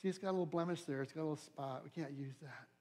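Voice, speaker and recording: A man's voice: on the high side, racing, warm tone. A man voicing a brusque, dismissive male temple official who turns a worshipper away in a retold story. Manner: brusque, dismissive, matter-of-fact.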